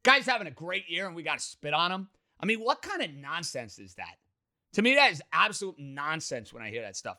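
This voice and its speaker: New sports radio guy, super bright sharp voice, really lively, loud opinions. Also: a little high, brisk. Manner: emphatic, opinionated, animated.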